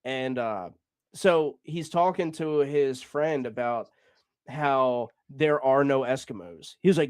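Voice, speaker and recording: A man's voice: mid-range voice, takes it slowly, smooth, dry recording, clean studio sound. A man hosting a casual comedy podcast, laid-back, laughing often and swearing freely. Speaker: podcast host.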